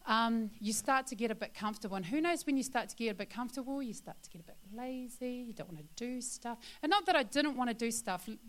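A woman's voice: a little high, lively intonation, fast, few pauses, fairly bright tone. A woman sharing a testimony with her church congregation, a chatty storyteller full of fillers who turns earnest and confiding.

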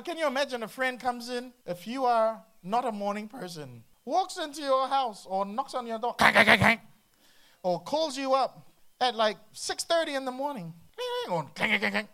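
A man preaching a sermon to a congregation, humorous and animated, breaking into playful voices and sound effects. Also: high-pitched. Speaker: pastor.

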